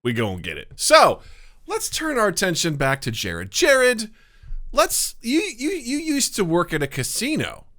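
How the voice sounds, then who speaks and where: A man's voice: sits high, huge pitch swings, a little slow, sharp tone. A man from the United States co-hosting a casual podcast, jokey and laughing often. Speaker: podcast co-host and game master.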